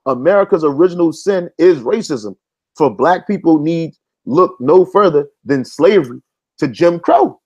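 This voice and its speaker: A man's voice: a little high, expressive, moderate pace, a little mellow, highs cut off. A man preaching informally, reading an article aloud and arguing back at it, with street-casual talk full of "man". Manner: stops to reread passages and argue back. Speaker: religious commentator.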